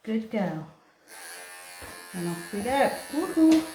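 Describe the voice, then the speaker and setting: A woman, a cat groomer, soothing the cat in gentle cooing words and explaining her work as she goes. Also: medium pitch, takes it slowly, background noise. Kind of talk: talking through a grooming session. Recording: roomy echoey grooming room.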